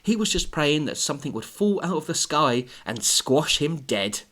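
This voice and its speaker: A podcast host reads a story aloud and breaks off into giggly banter. His pitch swings widely as he talks, animated and playful. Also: moderate pace.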